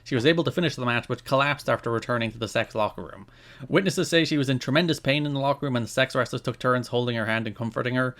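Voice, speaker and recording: An Irish man co-hosts a podcast, his voice sitting at an ordinary middle pitch. He reads through news notes in a casual way and drops dry asides between them. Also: fast, a bit bright. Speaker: podcast co-host.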